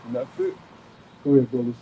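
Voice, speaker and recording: A man's voice: on the high side, wildly swooping pitch, fast talker, gravelly, phone-quality sound, background noise. A man preaching to a group outdoors as a camp elder, emphatic and profane, repeating phrases and asking rhetorical questions.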